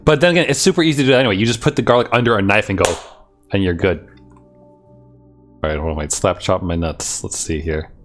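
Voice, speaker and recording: A man's voice: low-pitched, fast talker, pauses often. A male streamer chatting casually to his viewers, rambling and self-deprecating and laughing at his own jokes.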